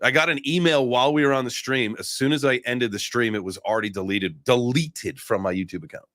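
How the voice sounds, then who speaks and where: A man's voice: mid-range voice, a little fast, fairly bright tone, no echo, studio quality. A man hosting a casual crypto livestream, talking loosely with restarts and the odd curse. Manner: loose, swearing, rambling with restarts. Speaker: livestream host.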